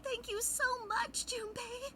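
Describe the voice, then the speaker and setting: An actress voicing an earnest, emotional young woman in a video game, speaking in a halting, tearful, heartfelt way. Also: very high voice, steady tone, bright, forceful tone, a little hiss or hum, exaggerated voice. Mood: grateful, overjoyed.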